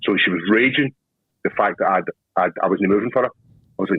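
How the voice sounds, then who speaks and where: A Scottish man with a husky, slightly breathy voice, chatting casually on a podcast. He tells coarse, rowdy anecdotes and laughs through them. His voice sounds close and dry. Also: low-pitched, fast talker, no room sound, phone-quality sound. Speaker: podcast co-host. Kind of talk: casual chat.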